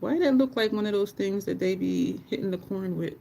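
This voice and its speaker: A woman's voice: mid-range voice, a little fast, creaky, mellow, a little hiss or hum. A woman chatting casually on a livestream while doing her makeup, swearing freely, laughing often and talking to her chat.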